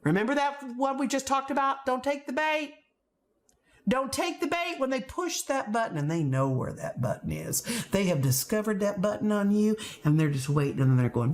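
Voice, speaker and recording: A middle-aged woman coaching teachers in a playful, animated way, often acting out the voices she quotes. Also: medium pitch, normal speed. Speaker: teacher trainer.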